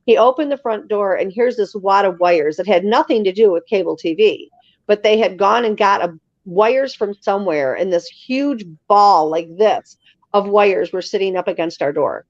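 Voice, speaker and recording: Lively woman storyteller, muffled lo-fi sound. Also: medium pitch, normal speed, no room sound. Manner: lively storyteller who acts out other people's lines. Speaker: interview guest. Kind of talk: casual storytelling in an interview. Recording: slightly dull lo-fi sound.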